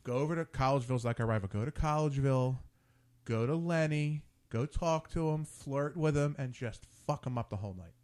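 A man's voice: medium pitch, fairly quick. A man hosting a casual talk show who tells crude stories and acts out the dialogue. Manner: storytelling, animated and crude, quotes friends in dialogue. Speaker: podcast host. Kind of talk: casual chat.

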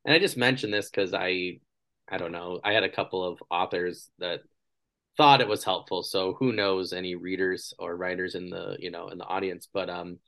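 A man in his thirties with a low, creaky voice hosts an interview podcast at a moderate pace. He keeps things casual, telling his stories with animation and acting out the people in them.

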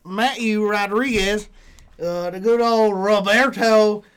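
A man introduces his podcast crew in an exaggerated country drawl, pitched high for a man. He stretches his words out slowly and sounds pleased with the bit. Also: fairly even intonation, a bit bright, clear, resonant tone. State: recovering from a chest infection. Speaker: podcast host. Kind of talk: casual podcast banter.

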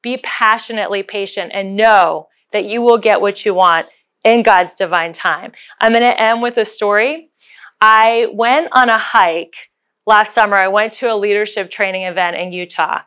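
A woman giving a motivational talk, telling a story with lively acted-out quotes. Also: mid-range voice, moderate pace. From United States. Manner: animated, acts out voices in her story.

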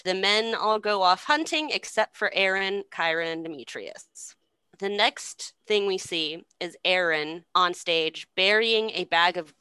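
Bright, irreverent young woman storyteller. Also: mid-range voice, clear, resonant tone, no room sound. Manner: irreverent, slangy, swears freely. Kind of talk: casual comic retelling of a play.

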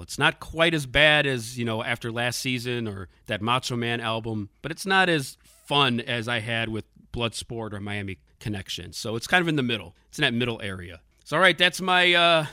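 A man's voice: medium pitch, pushed and bright, no room sound, studio quality. A man hosting a podcast, giving a casual, sarcastic movie review and laughing often. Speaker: podcast host.

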